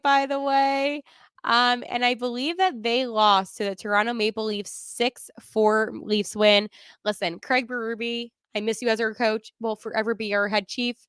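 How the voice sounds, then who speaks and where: A woman's voice: a little high, fairly bright tone, clean tone, no echo, clean studio sound. A woman hosting a sports podcast, talking casually and with strong opinions, laughing often as she runs through the standings. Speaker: podcast host.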